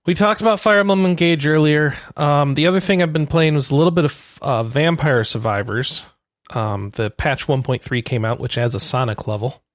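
A man's voice: on the high side, normal speed, no room sound. A man co-hosting a podcast in casual chat, joking and steering the talk. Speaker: podcast co-host. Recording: dry close sound.

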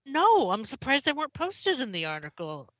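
A woman co-hosting a gaming podcast, reading news in casual chat, a little hoarse, with lots of ums. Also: high-pitched, huge pitch swings, moderate pace, fairly bright tone, dry recording. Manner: chatty, many ums, slightly hoarse. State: slightly hoarse. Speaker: podcast co-host. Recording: slightly dull, dry.

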